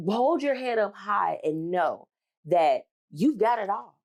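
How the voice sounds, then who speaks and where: A woman in her thirties hosting a podcast, telling a personal story and giving advice in an animated, emphatic way, talking straight to her listeners. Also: medium pitch, takes it slowly. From United States. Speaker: podcast host.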